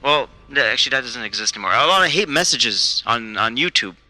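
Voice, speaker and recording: Man voicing a young male comedian caller, clueless, stammering, rambling, very bright sharp tone, audio drama. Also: mid-range voice, animated, a little fast, rough recording. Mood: pleading.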